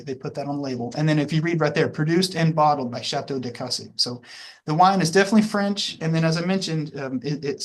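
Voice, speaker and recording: Man, wine lecture, casual and rambling, lots of fillers, slightly high voice. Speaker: instructor. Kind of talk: classroom lecture.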